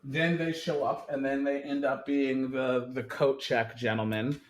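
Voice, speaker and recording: A man's voice: mid-range voice, little pitch movement, a little slow, slight background noise. A man co-hosting a casual podcast about movies and drinks, who laughs often and retells scenes with energy. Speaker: podcast co-host.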